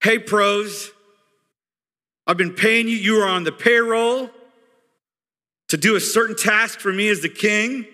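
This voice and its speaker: A man's voice: sits high, a little slow, pauses often, pushed and bright, voice pushed up. A man voicing a demanding ancient king who scolds his idle advisers in a bossy, impatient way. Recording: long hall reverb.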